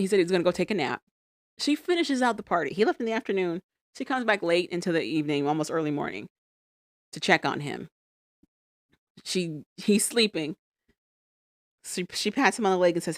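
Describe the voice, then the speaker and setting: A woman with a somewhat low voice recaps a reality show in a casual podcast chat, acting out what the people on screen said. She is on a close mic in a dry room. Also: normal speed, dry recording. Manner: animated storytelling, acts out quotes. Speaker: podcast co-host.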